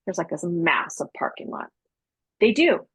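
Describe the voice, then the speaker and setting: Husky, gravelly-voiced woman storyteller. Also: fairly low pitch, unhurried, dry recording, rough recording. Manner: animated, chatty, slangy, acts out dialogue. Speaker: podcast guest, psychic medium. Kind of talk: casual storytelling interview.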